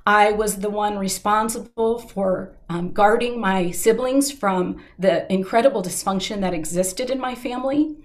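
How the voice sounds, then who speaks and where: A middle-aged woman telling a personal story in an interview, earnest and heartfelt, slowing down at the emotional moments. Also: medium pitch.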